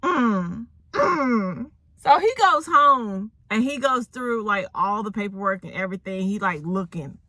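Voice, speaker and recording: A woman recapping a movie in a casual, rambling way, telling the story with animated asides and exclamations. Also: mid-range voice, moderate pace, few pauses, no echo. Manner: animated storyteller who acts out the characters and exclaims at the plot.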